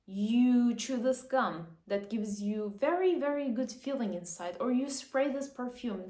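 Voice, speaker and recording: A woman vlogger giving earnest, coaching advice in casual talk to camera, often checking in with "okay?". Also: fairly high pitch. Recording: echoey room.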